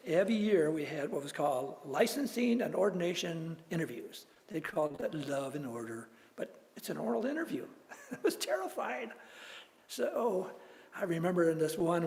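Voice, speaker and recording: A man's voice: fairly high pitch, vocal fry. A male minister, likely older, telling personal stories in a sermon, chuckling often as he goes. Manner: storytelling, chuckles often, animated. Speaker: guest minister. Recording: church hall with long reverb.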